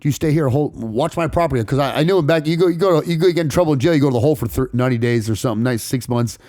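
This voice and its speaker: A man from California's San Fernando Valley, a podcast guest telling a personal story in rapid, profane street talk full of restarts. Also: mid-range voice, darkish tone, dry recording, studio quality. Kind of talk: casual storytelling interview.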